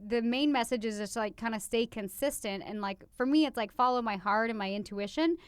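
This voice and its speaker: A woman in her thirties co-hosting a podcast in casual chat, blunt and quick to swear, acting out her own texts in chirpy voices. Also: a little high, smooth, no echo. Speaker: podcast co-host.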